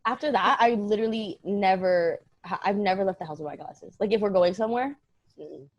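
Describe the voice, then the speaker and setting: A young woman tells a story in a relaxed podcast chat. She is animated and self-mocking, laughing between quick asides. Her voice sits at a middle pitch and sounds close and dry, with no room echo. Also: dull audio. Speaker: podcast co-host telling a story.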